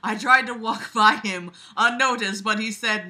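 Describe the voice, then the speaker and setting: Playing with her cat as she goes, this woman reads an online story out loud, tossing in snarky comments and laughing. She speaks at normal speed with a fairly high, bright and forceful voice.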